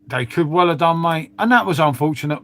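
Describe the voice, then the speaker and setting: A man's voice: fairly high pitch, fairly quick, fairly bright tone. A middle-aged man with a London accent, hosting a casual live stream and rambling on with plenty of swearing and "mate". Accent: London English. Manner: rambling, swears, frequent "mate" and tag questions. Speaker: livestream host. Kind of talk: casual chat to live viewers.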